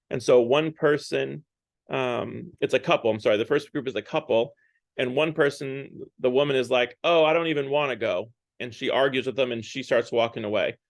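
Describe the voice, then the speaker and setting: A man speaks at a parish during Lent. He retells a story loosely and conversationally, filling his sentences with ums and likes. His voice sits at an ordinary middle pitch, and the close recording is dry, with no room sound. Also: no room sound. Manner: conversational, loose, with many fillers and hedging words.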